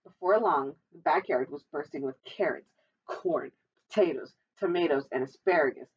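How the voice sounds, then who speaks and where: A woman's voice: low voice, normal speed, husky, recorded from a distance, lo-fi sound. A woman librarian reading a picture book aloud at storytime, adding chatty asides to the children.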